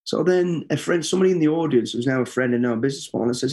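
A middle-aged man talks as a guest in a casual interview. He tells his stories with plenty of energy, swears freely and acts out the voices of people he quotes. His voice sits at an ordinary middle pitch. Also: rapid-fire, dark tone.

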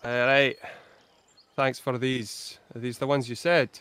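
A man's voice: medium pitch, level tone, measured pace, fairly bright tone, clear, resonant tone, natural voice. A man voicing a stern, tightly controlled woman who runs a mine, speaking in a clipped, commanding way. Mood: curt.

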